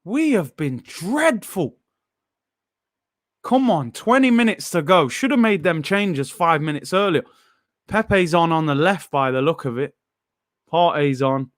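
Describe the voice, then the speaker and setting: High-voiced man reacting to football. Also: measured pace. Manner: frustrated, animated fan with sudden shouts. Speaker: football watchalong host. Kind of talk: live match reaction.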